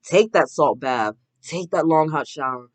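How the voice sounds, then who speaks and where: A woman's voice: sits low, animated, unhurried, no room sound. Emphatic woman giving a spiritual pep talk. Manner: emphatic, repeats affirmations, often asks "right?"; swears casually and calls listeners "baby". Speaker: oracle card reader and host.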